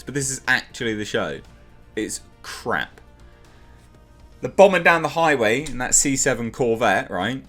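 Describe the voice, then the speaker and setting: A man rants through a TV review with sarcastic exasperation, swearing and hammering his points home. His pitch leaps up and down constantly as he talks, and faint music plays underneath. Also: pushed and bright. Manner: exasperated, sarcastic, mocks characters in high put-on voices; swears and repeats himself for emphasis. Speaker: TV show reviewer. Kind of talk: ranting review vlog.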